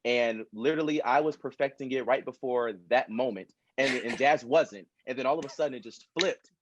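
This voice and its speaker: A man on a panel, chatting in an animated, storytelling way over a video call. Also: medium pitch, brisk, lo-fi sound, noisy background. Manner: animated, storytelling, often says "literally". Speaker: actor on a fan convention panel. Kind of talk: casual panel chat.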